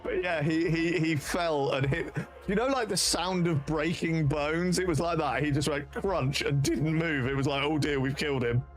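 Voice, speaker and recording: A man's voice: on the high side, moderate pace, soft background music. Sweary British man telling rambling stories. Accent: British English. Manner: rambling, sweary, laughing at his own anecdotes. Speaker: streamer. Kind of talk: casual storytelling on a live stream.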